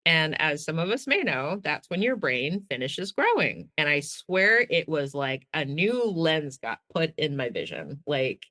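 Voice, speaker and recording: A woman tells her own story in a lively, chatty way, her pitch swinging up and down as she acts out both sides of old conversations. Her voice is bright, and her delivery stays loose and casual. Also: unhurried, hardly any pauses. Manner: animated, acts out quoted dialogue. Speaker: guest sharing her story.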